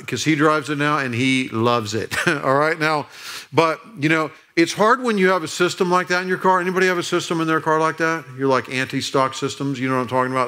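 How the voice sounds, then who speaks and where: Casting note: playful forties male preacher, bright, slightly high voice, storytelling sermon. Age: 40s. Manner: playful, jokey, asks the crowd questions. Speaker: pastor. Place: church auditorium.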